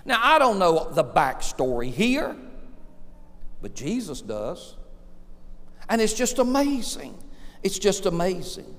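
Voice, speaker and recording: A man preaching a sermon as pastor, animated, with dramatic pauses and swings between soft and loud. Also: high-pitched. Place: church sanctuary. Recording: long reverb of a large hall.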